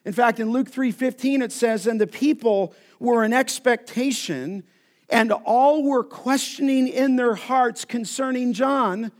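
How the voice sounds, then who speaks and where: A male pastor preaching an expository sermon, slowing down to stress each scripture phrase. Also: extremely high pitch. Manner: emphatic, slows down to stress scripture. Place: church sanctuary.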